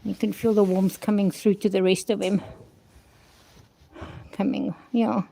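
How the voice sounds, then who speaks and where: A woman's voice: mid-range voice, flat delivery, fairly quick, gravelly, dark tone. An older woman from South Africa chatting casually in a vlog outdoors at a horse stable, rambling and talking fondly to her horses, recorded on a handheld phone. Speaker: vlogger.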